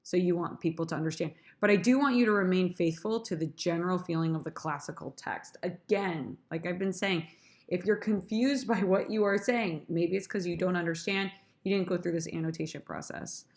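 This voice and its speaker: In a screen-recorded lesson, a chatty woman drama teacher speaks directly to her students about how she annotates and rehearses a sonnet. Her voice is fairly low and brisk.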